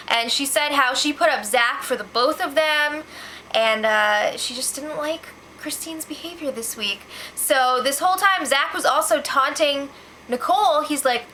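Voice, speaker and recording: Young woman doing a gossipy recap, high voice, bright, kinda chatty. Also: slight background noise. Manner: chatty, gossipy, quick asides. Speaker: reality show recap host. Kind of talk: casual spoiler recap.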